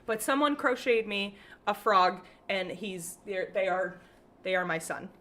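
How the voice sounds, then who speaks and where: A woman's voice: medium pitch, unhurried, pushed and bright. A young woman chatting casually and giggling with her viewers on a live stream.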